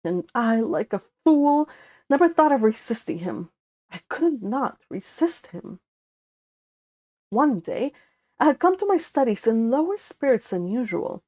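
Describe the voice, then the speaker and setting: A young woman with a Spanish accent reading a classic novel aloud, unhurried and steady, now and then stopping for a casual aside or to correct herself. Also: on the high side. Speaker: audiobook reader.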